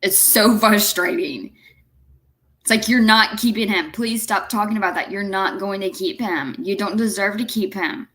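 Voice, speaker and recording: A woman's voice: medium pitch, moderate pace, fairly bright tone. A woman host, emphatically and indignantly commenting on a clip. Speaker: reaction video host.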